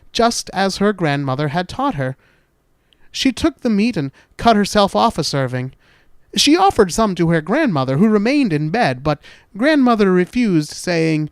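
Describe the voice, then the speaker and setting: A man hosting a spooky podcast, narrating a horror story in a slow, deliberate, dramatic way, dropping to hushed dark turns. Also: high-pitched, sing-song, clear, resonant tone, dry recording, clean studio sound.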